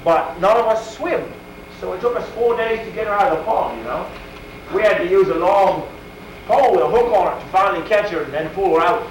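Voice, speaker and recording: A costumed storyteller with a high, slightly fast voice tells medieval tales in the first person at a school event crowd area, rambling folksily in old-timey rustic grammar and asking listeners questions directly. The far-off camcorder audio is echoey with faint noise.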